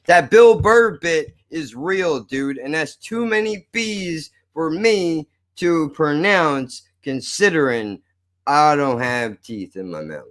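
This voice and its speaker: A man's voice: fairly high pitch, animated, takes it slowly. A man hosting a podcast, rambling and joking with heavy swearing. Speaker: podcast host. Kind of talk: casual podcast banter.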